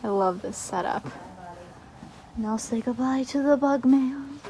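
A woman's voice: high voice, a little slow, warm tone, slight background noise. A young woman vlogging a tour of her horse barn, gushing and cooing at the animals. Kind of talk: casual vlog tour. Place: horse barn, outdoors and in stalls.

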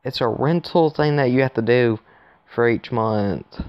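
A man's voice: mid-range voice, a little slow, clear, resonant tone, no echo, muffled recording. A man giving rambling, casual commentary to his viewers while playing a phone game, recorded on his phone. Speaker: gaming YouTuber.

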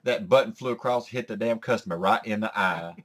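A man's voice: fairly low pitch, brisk, a bit bright. A man playing a crass, gossiping woman in a comedy sketch, telling crude stories. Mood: storytelling. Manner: crude, drawling storyteller.

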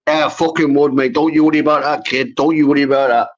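A man's voice: on the high side, fairly even intonation, quick pace. A man arguing aggressively on a livestream panel, swearing constantly and issuing threats. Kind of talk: heated livestream argument. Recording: dull lo-fi stream audio.

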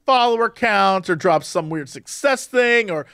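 Young male podcast co-host, high and very lively, dry close sound, opinionated casual chat. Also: a little slow, smooth, no room sound. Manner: animated, opinionated ranting.

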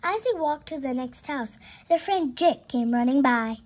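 A woman's voice: high voice, lively intonation, normal speed, a little mellow. A woman reading a children's picture book aloud, playful and exclaiming, turning to chat with her viewers between pages. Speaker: storyteller.

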